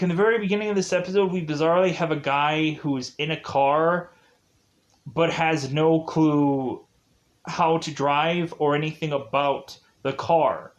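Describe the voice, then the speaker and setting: A man casually retelling comedy sketches in a rambling spoken review, full of fillers and bursts of laughter. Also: fairly high pitch. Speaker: show reviewer.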